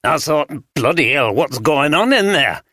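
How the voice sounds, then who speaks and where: A man's voice: on the high side, expressive, a little slow, pushed and bright, dry recording, studio quality, voice pushed up, exaggerated voice. A man voicing a wary, scruffy homeless man with a broad Yorkshire accent, talking in blunt, clipped dialect in an audiobook.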